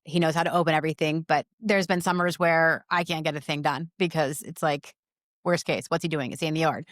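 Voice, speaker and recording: A woman in her forties, a mother talking earnestly in an interview, in quick bursts with many restarts. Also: sits low, fairly even intonation, dry recording, clean studio sound. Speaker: guest, mother. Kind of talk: conversational interview.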